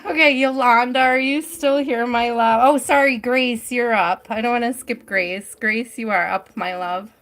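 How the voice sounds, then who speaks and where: A young adult woman with a fairly high voice tells a long personal story on her live tarot stream. She talks casually and laughs often. Her speech is full of "like" and "right?". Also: steady tone, moderate pace, hardly any pauses, a bit bright. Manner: chatty, laughs often, many "like" fillers.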